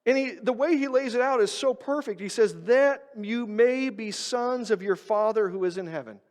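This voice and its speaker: A male pastor giving an emphatic sermon, pushing his stresses loud and then dropping to quiet, low asides. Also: normal speed, long reverb tail. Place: church sanctuary.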